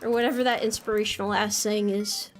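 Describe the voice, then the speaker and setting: A woman's voice: medium pitch, fairly even intonation, fairly quick, soft background music. A young American woman streaming a game, chatting casually and playfully, reading chat messages aloud and joking about herself. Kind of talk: casual live-stream chat while gaming.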